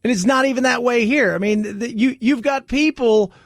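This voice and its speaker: A man's voice: extremely high pitch, moderate pace, vocal fry, no echo, clean studio sound. A man hosting a talk radio show, chatting casually in a wry, sarcastic way.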